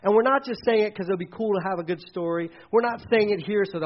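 Conversational male preacher, lo-fi sound. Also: high-pitched. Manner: conversational, repeats words, quick asides. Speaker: pastor. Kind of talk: sermon with children's object lesson. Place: church stage. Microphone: handheld or headset mic.

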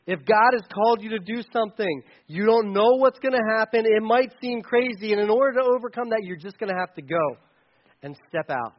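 A pastor with a fairly high voice delivers a brisk sermon in a loose, conversational style, dropping in playful asides. The recording is slightly dull and lo-fi.

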